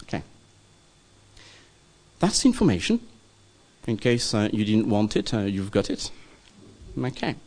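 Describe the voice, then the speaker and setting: A man teaching a church study class in a loose, informal lecture, pausing often with ums and asking "okay?" to check in with the group. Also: fairly low pitch, big pitch swings, darkish tone. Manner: hesitant, many ums and checking okays.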